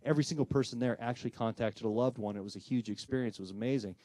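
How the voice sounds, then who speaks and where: Racing through a story in his mid-range voice, a man presenting on spirit communication to a live audience brings the quoted dialogue to life by acting out the voices.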